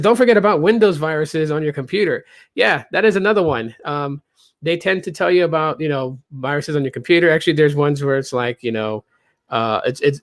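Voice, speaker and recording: A man's voice: a little high, a bit bright, dry recording. Rambling male podcast host, dry sound. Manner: rambling, with many fillers and restarts. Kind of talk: casual chat.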